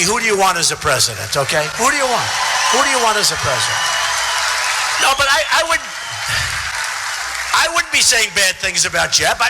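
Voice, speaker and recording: A man's voice: high-pitched, sharp tone. An older man in his seventies giving a boastful, rambling campaign speech to a crowd in a large theater. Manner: boastful, repetitive, conversational asides to the crowd. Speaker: political candidate at a rally. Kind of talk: rally speech. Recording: long hall reverb from a theater PA.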